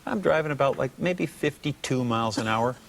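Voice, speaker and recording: An American man, a guest musician on a talk show, telling a funny anecdote in an animated way, acting out the voices he quotes and laughing often. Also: mid-range voice, fairly quick, creaky, a little hiss or hum. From United States.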